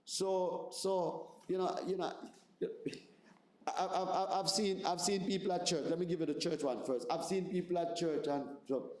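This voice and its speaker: A man's voice: high-pitched, steady tone, moderate pace, darkish tone, slight background noise. A man in his forties with a Jamaican accent, a pastor teaching a seminar in a conversational way, often checking in with "right?". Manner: conversational, repeats words, asks "right?". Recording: roomy echoey room.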